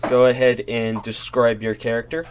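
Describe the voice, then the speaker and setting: A man running a tabletop game as game master, narrating in a relaxed way with frequent hesitations. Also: mid-range voice, moderate pace, a little hiss or hum.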